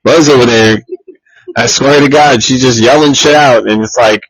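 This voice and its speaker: A man's voice: medium pitch, moderate pace, husky, no echo, rough recording. A man co-hosting a casual podcast, teasing his friends and swearing freely. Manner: profane, teasing, animated impressions. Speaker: podcast co-host. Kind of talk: casual chat.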